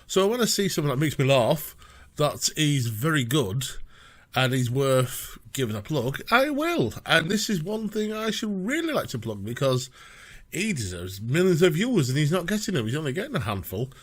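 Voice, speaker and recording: A man's voice: a little high, very animated, moderate pace. A man hosting a casual reaction video, chatty, rambling and playful. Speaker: reaction channel host.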